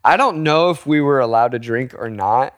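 A young man co-hosting a casual podcast, telling an animated story with laughs and casual swearing. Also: mid-range voice, normal speed. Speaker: podcast co-host.

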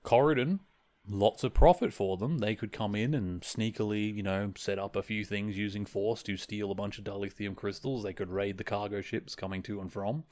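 A man hosting a podcast, recapping an episode in a chatty way with lots of fillers and quick quoted lines. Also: on the low side, fairly even intonation, darkish tone. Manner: chatty, many fillers, quotes characters in passing. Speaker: podcast host.

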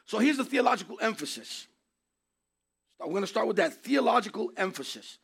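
A male preacher with a very high, gravelly and husky voice delivers a sermon. He speaks emphatically, repeating key phrases and rising to shouts. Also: big pitch swings, a little fast.

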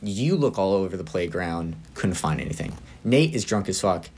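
A man's voice: low-pitched, lively intonation, normal speed, darkish tone, slight background noise. A young man co-hosting a podcast, telling a story in a rambling, laughing way with many fillers. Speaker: podcast co-host. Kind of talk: casual chat.

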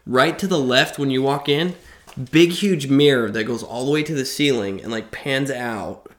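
A man's voice: medium pitch, normal speed, a bit bright. A young man co-hosting a casual podcast, chatty and eager, often finishing his co-host's sentences. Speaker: podcast co-host. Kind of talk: casual chat.

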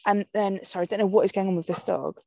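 A woman's voice: mid-range voice, steady tone, fast, creaky, background noise. A woman hosting a podcast, chatty and casual, swearing now and then and often laughing. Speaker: podcast host.

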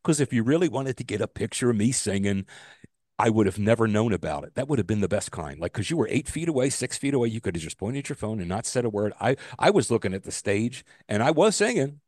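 Lively, animated man telling a story. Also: quick pace, dry recording, studio quality. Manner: animated storyteller, voice jumps high when exasperated, swears freely. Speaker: podcast co-host. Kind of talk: casual chat.

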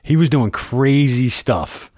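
A man, co-hosting a casual chat and telling stories with animated, acted-out quotes. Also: mid-range voice, slow pace, dry recording, studio quality. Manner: animated storyteller who acts out quotes loudly.

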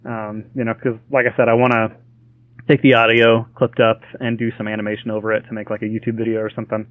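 Excited podcast dude, muffled dry mic, keeps saying man. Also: lowish voice, fast talker, no echo. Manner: enthusiastic storyteller, says dude and man. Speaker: podcast co-host. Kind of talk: casual chat.

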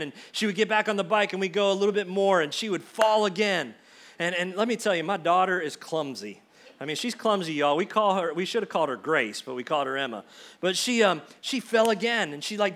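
A man's voice: high-pitched, animated, brisk, a bit bright. A man, preaching a sermon as pastor in a folksy, storytelling way that often repeats words.

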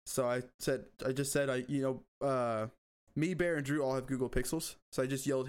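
A man spins a story in a loose, conversational way, laughing as he goes. His voice sits at an ordinary middle pitch, relaxed and unpolished, like a friend recounting his morning. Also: brisk, smooth. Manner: animated storytelling, laughs often. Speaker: podcast co-host. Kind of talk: casual chat.

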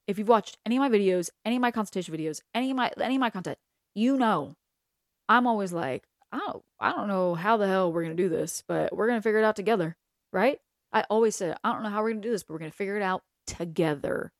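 A woman's voice: fairly low pitch, no echo, studio quality. A young adult woman, a hair stylist hosting an advice talk, speaking bluntly and candidly with plenty of swearing. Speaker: podcast host and hair stylist.

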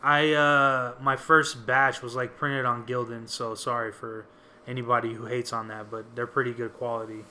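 Bright-voiced laid-back man chatting. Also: medium pitch, flat delivery, normal speed, a little hiss or hum. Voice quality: laid-back, agreeable, slangy. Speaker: podcast co-host. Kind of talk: casual chat.

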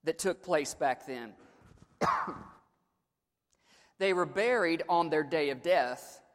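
A man with a high voice preaches in a church sanctuary, and his words ring out with long hall reverb. He moves between hushed storytelling and joking asides, then builds to loud, dramatic shouts. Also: slow pace. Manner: humorous asides. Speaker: pastor. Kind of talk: Easter sermon.

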